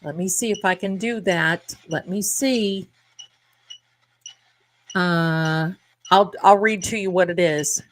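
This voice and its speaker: A woman's voice: lowish voice, slow pace, pauses often, a little hiss or hum. A middle-aged woman hosting a live tarot stream, chatting casually and rambling to her viewers, calling them her darlings.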